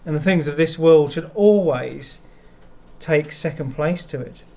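A man giving a sermon, speaking in a measured way and reading verses aloud. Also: on the high side, vocal fry, mellow, a little hiss or hum. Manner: slow, measured delivery with verses read aloud. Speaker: preacher.

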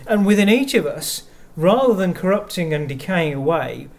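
A man giving a sermon, speaking in a measured way and reading verses aloud. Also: high-pitched, lively intonation, creaky. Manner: slow, measured delivery with verses read aloud. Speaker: preacher.

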